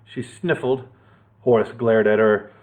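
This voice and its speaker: A male children's librarian reading a picture book aloud, animated and playful with asides. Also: fairly low pitch, a little slow, rough recording.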